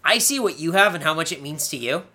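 A young man co-hosting a casual podcast, chatting fast and acting out lines in a playful, animated way. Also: fairly high pitch. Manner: animated, quick quips, acts out wrestlers' lines. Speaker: podcast co-host. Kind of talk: casual chat recapping wrestling.

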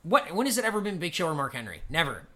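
A man in casual chat recaps a wrestling broadcast step by step, voice fairly high and bright. He rambles, drops "um" often and swears freely. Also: sing-song, racing. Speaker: podcast co-host.

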